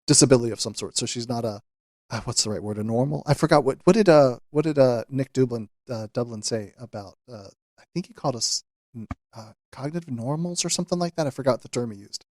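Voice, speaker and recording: A man's voice: mid-range voice, fast talker, darkish tone, dry recording, clean studio sound. A man co-hosting a casual podcast discussion, talking loosely with lots of fillers. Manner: loose and chatty, many fillers. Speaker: podcast co-host.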